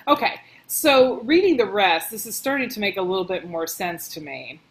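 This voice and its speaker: A woman working as a book editor, reading passages aloud and thinking out loud in a casual, chatty way as she comments on them. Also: medium pitch, animated, normal speed, low-quality recording.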